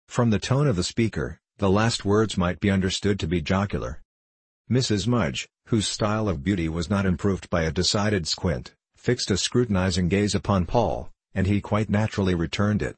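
Deep husky male audiobook narrator, formal and steady, dry close mic. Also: no room sound. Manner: measured, formal storytelling. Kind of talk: scripted narration.

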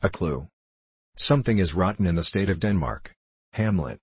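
A man narrating an audiobook in a measured, steady reading. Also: low-pitched, breathy edge, no room sound.

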